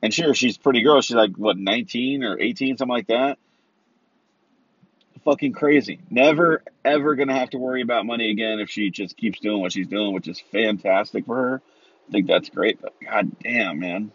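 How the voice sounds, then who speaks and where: A man's voice: lowish voice, brisk, a bit bright, breathy edge, dry recording. A man ranting in a loose, profane monologue, rambling and tossing in rhetorical asides. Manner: rambling, heavy swearing, rhetorical "right?" asides. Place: Los Angeles area. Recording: dry, slightly dull sound.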